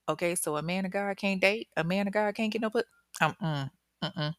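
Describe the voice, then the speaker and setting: A young woman, hosting a true-crime podcast, tells the story in casual, animated, joking talk and acts out the quotes. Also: fairly quick, no echo, studio quality. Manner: animated and joking, acts out quotes with big pitch jumps, laughs often.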